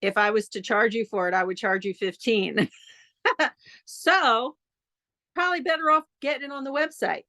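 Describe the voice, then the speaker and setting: A woman poet at an open mic, reading her own poems over a phone on a video call in an earnest, measured way, with casual chat in between. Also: on the high side, sharp tone, dry recording.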